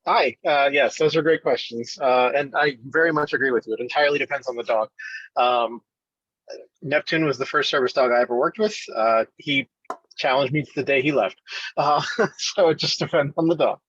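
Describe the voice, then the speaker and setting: A man answering questions on a video call, measured and a little halting. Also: mid-range voice, fairly bright tone, breathy edge, no echo. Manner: measured, with frequent uh and um. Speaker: service dog trainer. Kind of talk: casual Zoom chat. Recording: dull lo-fi call audio.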